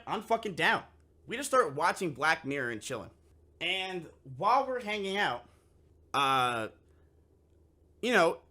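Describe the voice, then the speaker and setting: A young man with a bright, forceful voice tells a wild story to his stream chat, pitched a bit high. He swears constantly and slips into the voices of everyone in the tale. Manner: profane and animated, acting out both sides of the conversation. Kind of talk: casual storytelling to a live chat.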